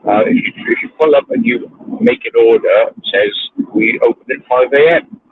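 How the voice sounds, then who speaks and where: A man's voice: mid-range voice, moderate pace, slightly rough. A man, ranting in casual chat while driving his car, swearing freely. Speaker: livestream host. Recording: tinny phone line.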